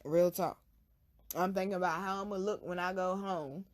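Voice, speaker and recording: A woman hosting her own channel, telling a personal story to camera in blunt, profane street slang, hushed one moment and loud the next. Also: lowish voice, steady tone, moderate pace. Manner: swings from hushed to loud bursts. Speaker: channel host.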